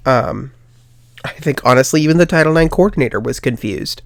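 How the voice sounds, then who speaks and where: A man's voice: mid-range voice, expressive, brisk, no echo, clean studio sound. A young man hosting a podcast, telling a personal story in a casual, rambling way with lots of ums, acting out what others said. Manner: rambling, many ums, quotes others in dialogue. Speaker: podcast host.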